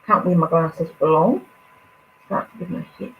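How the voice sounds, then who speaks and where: Speaking at a measured pace in a fairly low voice, a woman works through a casual tarot reading on a live stream. She hesitates and muses, with plenty of fillers and false starts. Her audio comes through dull and lo-fi, faintly noisy.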